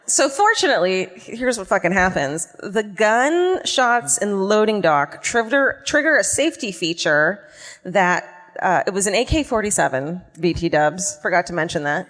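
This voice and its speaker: A woman hosting a live comedy podcast, telling a true crime story in a profane, animated way on a concert hall stage. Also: mid-range voice, moderate pace. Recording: long concert hall reverb.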